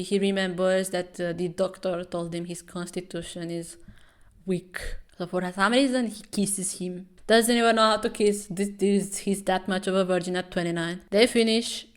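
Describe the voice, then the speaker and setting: A woman hosting a sarcastic, profane comic recap, sounding incredulous. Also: lowish voice. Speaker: webtoon commentary host.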